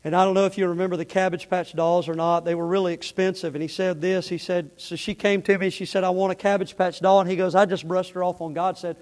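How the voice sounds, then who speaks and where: A man preaching a sermon, telling a story with lively energy before turning soft and earnest. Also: sits high, fast, hardly any pauses. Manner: animated, rising to near-shouting in the story, dropping soft and earnest for the appeal. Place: church sanctuary. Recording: long hall reverb.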